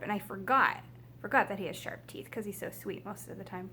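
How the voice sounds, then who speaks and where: Woman, storybook read-aloud for children, expressive, mid pitch, faint hum behind. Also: fairly quick. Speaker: children's book reader. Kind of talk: reading a picture book aloud to children.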